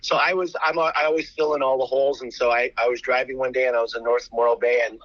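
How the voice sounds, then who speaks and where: A charity founder with an American accent, telling animated stories with many restarts in a radio interview. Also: male voice, mid-range voice, fast talker, no room sound, dull audio.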